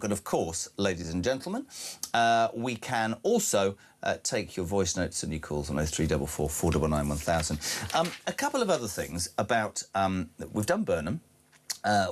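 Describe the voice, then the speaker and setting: A man hosting breakfast talk radio, reading out listener messages with wry asides and working up into indignant rants. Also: on the low side. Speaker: radio breakfast show host.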